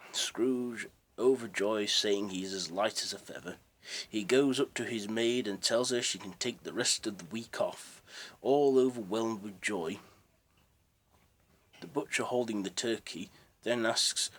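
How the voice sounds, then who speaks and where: A man's voice: fairly low pitch, unhurried, breathy edge. A man casually retelling a story as its narrator, in a rambling, unpolished way.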